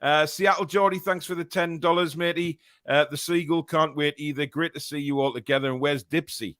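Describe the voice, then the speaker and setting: A man hosts a casual live-stream fan show, reading viewer messages aloud. He talks in a relaxed, rambling way, full of filler sounds. The sound is dry and close. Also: on the high side, brisk, no echo. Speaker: fan podcast host.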